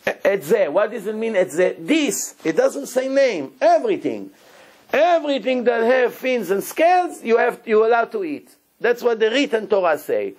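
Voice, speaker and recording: A man, a rabbi, giving a Torah lesson in animated, broken English and acting out quotes. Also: very high-pitched, moderate pace. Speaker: rabbi teaching a Torah class.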